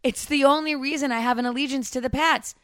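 A woman's voice: high-pitched, steady tone, fast talker, a bit bright, smooth, no echo, clean studio sound. A woman in her thirties from Massachusetts, co-hosting a casual podcast chat and joking around on the fly. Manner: giggly, jokey, riffs on the fly. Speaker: podcast co-host.

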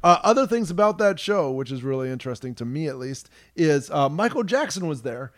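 A man hosting a casual podcast chat, rambling with frequent restarts and quick laughs. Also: a little high, sing-song.

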